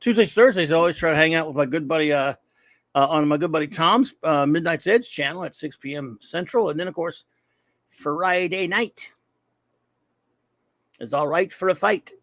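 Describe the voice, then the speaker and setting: A man hosting a casual livestream, loudly shouting out viewers and upcoming shows. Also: on the high side, a little fast, no room sound. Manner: energetic, loud shout-outs to viewers. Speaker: livestream host.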